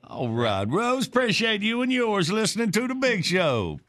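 A man hosts a morning radio show, joking briskly with callers. His voice is high and bouncy, with a lot of rise and fall. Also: big pitch swings, fairly bright tone. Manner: jokey, chuckling, brisk.

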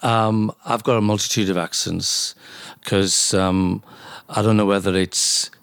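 A man's voice: lowish voice, steady tone, unhurried, vocal fry, fairly bright tone, clean tone, dry recording, studio quality. A middle-aged man from the UK, a doctor guesting on a podcast, telling jokey anecdotes in casual interview chat. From UK, born in South Wales, raised in Leeds. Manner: chatty and jokey, tells anecdotes.

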